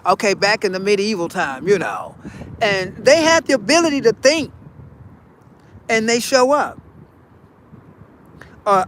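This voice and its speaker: A man with a notably high voice talks straight to his viewers in a loose, preachy monologue. He is folksy and animated, circles back over his own phrases, and sprinkles in honey and y'all. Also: unhurried, long pauses, a little hiss or hum. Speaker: vlogger. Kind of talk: casual spiritual monologue.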